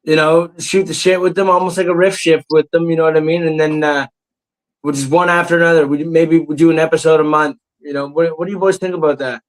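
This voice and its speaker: A man's voice: fairly high pitch, fairly even intonation, fast talker, poor audio. A man hosting a comedy podcast, hyped and casually swearing, peppering his talk with "man" and "dude". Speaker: podcast host.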